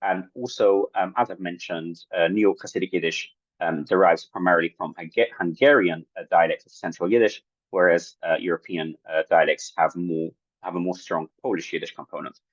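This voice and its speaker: Low husky man presenting with many fillers. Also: fairly even intonation, fairly quick, no room sound. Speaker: workshop presenter. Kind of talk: academic conference talk. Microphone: video call. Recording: dull lo-fi online call audio.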